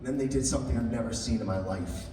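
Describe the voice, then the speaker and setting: A young man doing a stand-up comedy set in a live venue, animated, jumping into shouted high outbursts and teasing the crowd. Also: fast talker. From Italian-American family. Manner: crowd work, teasing audience members. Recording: echoey hall recorded from far off, audience noise.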